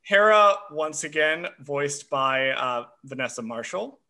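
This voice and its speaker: A man's voice: on the high side, animated, measured pace, bright, forceful tone. A man co-hosting a casual show, chatting about an episode with plenty of fillers. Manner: chatty, self-described history nerd, frequent uh fillers. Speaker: podcast co-host. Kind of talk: casual chat.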